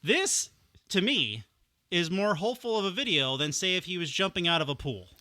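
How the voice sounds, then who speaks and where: A man co-hosting a casual podcast, animated and quick to laugh, at a desk mic in a home studio. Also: sits high. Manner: animated, laughs often, enthusiastic. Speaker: podcast co-host.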